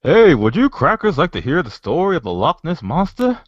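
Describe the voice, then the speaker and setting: A man voicing a gruff old male storyteller, spinning a tall tale in a deep, folksy drawl. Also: huge pitch swings, normal speed, no echo. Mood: boastful. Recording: dull lo-fi podcast audio.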